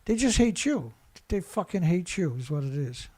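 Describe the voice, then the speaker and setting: A man's voice: high-pitched, sing-song, normal speed, a little mellow. A man giving a profane, sarcastic rant as he reads and mocks news reports. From Canada. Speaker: environmental commentator. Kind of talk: ranting commentary over news clips.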